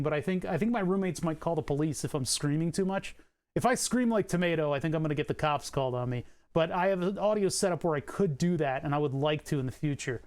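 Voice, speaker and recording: A man's voice: on the high side, a little fast, darkish tone. A young man streaming from home, chatting casually while he tinkers, rambling and correcting himself, laughing at his own asides, on a condenser mic run through a compressor. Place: home room with acoustic padding.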